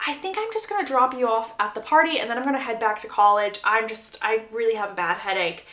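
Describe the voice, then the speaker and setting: A woman voicing a distant young male college student who talks in a flat, reluctant way. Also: fairly high pitch, fast, echoey room.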